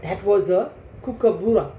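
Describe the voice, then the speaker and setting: A woman telling a story to children in an animated way, stopping to explain things. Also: medium pitch, moderate pace. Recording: echoey room, faint noise.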